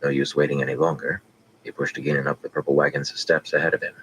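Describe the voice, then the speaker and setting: Very deep-voiced male audiobook narrator. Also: slight background noise, rough recording. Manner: steady, measured reading. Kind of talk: scripted fantasy narration.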